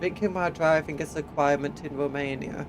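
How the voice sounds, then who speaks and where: A man's voice: a little high, steady tone, quick pace. A man with an English accent chatting casually on a live stream, sniffly from hay fever, reading chat aloud and humming little tunes while he drives. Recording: game truck engine noise underneath.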